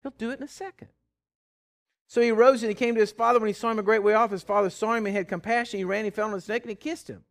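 A man preaching with a slightly high voice. His delivery is animated, leaping up and dropping low in pitch, and he stammers through repeated words and chuckles as he goes. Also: racing, gravelly, hardly any pauses. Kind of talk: sermon.

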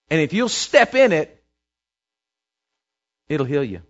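A man preaching a sermon in a conversational way, checking in with his listeners and dropping to a soft, quiet voice for prayers. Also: fairly high pitch, big pitch swings, slow. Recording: dull lo-fi recording.

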